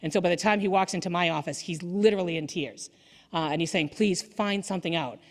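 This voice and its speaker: A woman lawyer giving a candid, energetic story-driven speech at a dinner event. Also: on the low side, quick pace. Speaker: defense attorney. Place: banquet hall. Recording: echoey hall.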